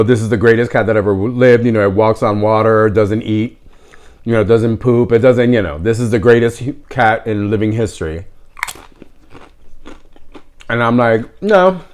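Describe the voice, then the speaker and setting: A man telling a story in a casual, wry way, with sarcastic, deadpan asides. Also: medium pitch. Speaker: vlogger.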